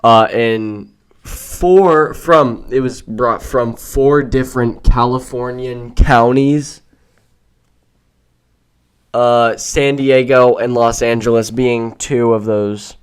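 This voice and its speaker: A man's voice: mid-range voice, steady tone, slow, clean tone. A man hosting a solo podcast, ranting in an exasperated, rambling way with frequent restarts. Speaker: podcast host. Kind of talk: solo rant monologue.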